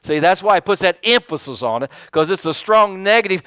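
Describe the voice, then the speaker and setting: A man preaching a sermon as pastor, in a folksy, animated way with many fillers and restarts. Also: high voice, brisk, clean tone, no room sound, clean studio sound.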